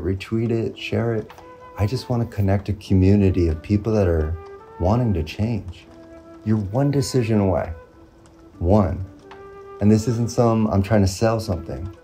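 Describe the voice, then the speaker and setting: Motivational vlogger, male, very low and dark voice, faint music underneath. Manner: earnest, repetitive, pausing often, drawn-out phrasing. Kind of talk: reflective motivational monologue.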